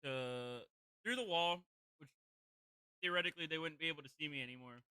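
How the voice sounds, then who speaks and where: Male player, slightly high, very bright and sharp tone, eager and indecisive, dry sound. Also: clear, resonant tone, no room sound. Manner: eager, quick to change his mind. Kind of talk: playing a tabletop game.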